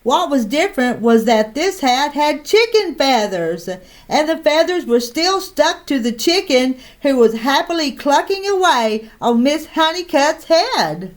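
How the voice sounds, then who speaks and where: Slow high-voiced woman storyteller. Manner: slow, expressive read-aloud. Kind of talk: reading a picture book aloud.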